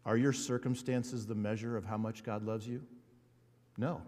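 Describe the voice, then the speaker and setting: A man preaching a sermon as a pastor, earnest and building emphasis with slow repeated words. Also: fairly low pitch, steady tone, dark tone. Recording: hall reverb.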